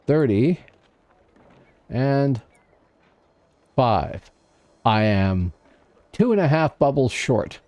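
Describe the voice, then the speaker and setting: This gamer speaks extremely slowly and pauses often while livestreaming, though his warm, mid-range voice is very animated. He casually chats to himself and to his viewers as he plays.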